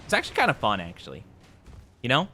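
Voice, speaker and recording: Lively, bright-voiced young male streamer. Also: mid-range voice, quick pace, a little hiss or hum. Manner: playfully mock-indignant, teasing. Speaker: video game streamer. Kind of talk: casual live-stream chat with viewers.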